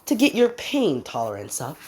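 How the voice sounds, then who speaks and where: A woman's voice: low-pitched, huge pitch swings, normal speed, darkish tone. Deku, a sneering young frost demon, voiced by a woman. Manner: sneering, condescending, drawling. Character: cold, cruel young male frost demon, mocking. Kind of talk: fan story narration with voiced lines.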